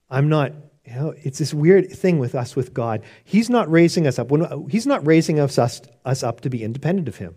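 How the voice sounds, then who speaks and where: A man's voice: fairly high pitch, expressive, moderate pace, mellow, husky. A man preaching a sermon on prayer in an earnest, conversational way, often restarting his sentences. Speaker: pastor.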